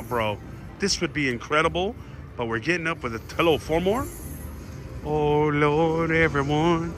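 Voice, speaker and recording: A man in a casino, calling out his slot spins to viewers with excited shouts and groans. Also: on the high side. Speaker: slot machine vlogger. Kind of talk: excited live slot commentary. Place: casino floor.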